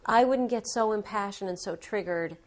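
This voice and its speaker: A woman's voice: mid-range voice, moderate pace. A woman being interviewed as an author in a TV studio, explaining her ideas fluently and acting out little examples. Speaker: author and guest. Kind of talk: interview conversation. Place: local TV studio.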